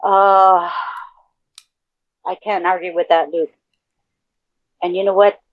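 Speaking slowly in a lowish, level voice, a woman from El Paso, Texas co-hosts a podcast. The talk is casual, full of cursing and sudden fits of pretend indignation, and the audio is lo-fi.

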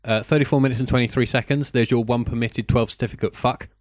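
A man talks through a film review in a relaxed podcast chat. His voice sits at a middling pitch and sounds close and dry, with no room behind it. He speaks deliberately, often pausing on an um before a wry point. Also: no echo. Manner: dry, deliberate, with many ums and pauses. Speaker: podcast co-host.

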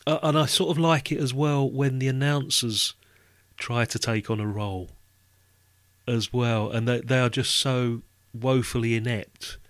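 A man's voice: mid-range voice, steady tone, unhurried, fairly bright tone, dry recording. Rambling man in casual chat, dry sound. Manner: rambling, many restarts and "you know". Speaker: podcast guest.

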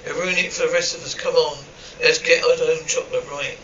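A man's voice: fairly high pitch, fairly even intonation, a little fast, bright, forceful tone, slight background noise. A man reading a dramatic story aloud, voicing every character and reading the stage directions between lines. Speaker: narrator reading all parts. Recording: roomy, dull, distant from the mic.

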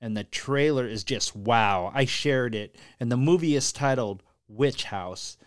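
A man hosting a casual podcast chat, upbeat and rambling, giving enthusiastic shout-outs. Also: medium pitch, unhurried, clean tone, dry recording, studio quality. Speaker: podcast host.

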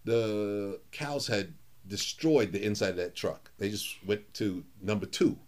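A middle-aged man telling funny stories in a casual chat, acting out quoted lines in a higher voice and laughing often. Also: a little slow. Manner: animated, acts out quotes with raised pitch, laughs often.

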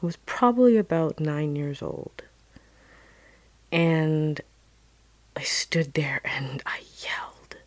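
A woman telling a personal story dramatically, dropping into hushed whispers and then rising into loud outbursts. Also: low voice, lively intonation, slow, pauses often, no room sound.

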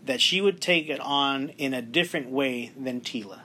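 Male podcast host, bright forceful voice, animated, acts out quotes, faint background noise. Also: mid-range voice, moderate pace. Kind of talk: casual podcast discussion.

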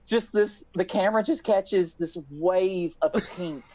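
A man's voice: high-pitched, measured pace, low-quality recording. A man telling a wild story on a casual podcast, swearing freely and acting out everyone's lines. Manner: animated, profane, acts out quotes. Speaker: podcast co-host.

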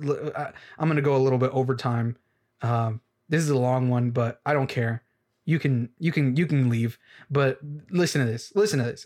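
A man giving excitable music reaction commentary, laughing often and repeating phrases for emphasis. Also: medium pitch. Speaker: video creator.

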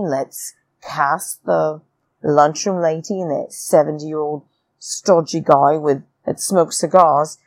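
A woman's voice: low voice, a little mellow. A woman hosting a podcast, giving blunt, scornful opinions on a reality show in an indignant rant. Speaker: podcast host.

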